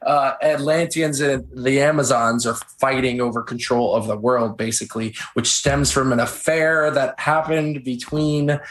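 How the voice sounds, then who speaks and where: A man's voice: mid-range voice, normal speed, hardly any pauses. A man co-hosting a casual film chat, retelling scenes with feeling and getting choked up. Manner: animated storytelling, gets choked up. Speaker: podcast co-host. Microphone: on camera.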